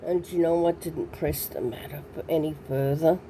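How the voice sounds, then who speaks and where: A woman telling her own story in a hesitant way, full of ums and pauses. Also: deep voice, steady tone, dark tone, slight background noise. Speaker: interviewee recounting her past. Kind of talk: personal storytelling.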